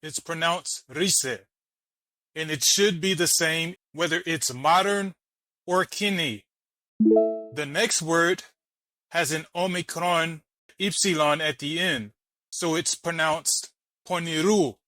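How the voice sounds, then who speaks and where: A man's voice: a little high, takes it slowly, long pauses, bright, forceful tone, poor audio. A man hosting a reaction video, arguing and mocking while he explains letter by letter. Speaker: channel host reacting to a debate clip. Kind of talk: argumentative commentary.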